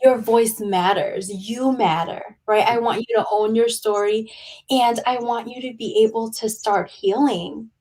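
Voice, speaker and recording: Earnest woman guest, higher voice. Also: fairly even intonation, measured pace, mellow. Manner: earnest, encouraging, repeats words. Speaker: guest social worker and author. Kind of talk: podcast interview.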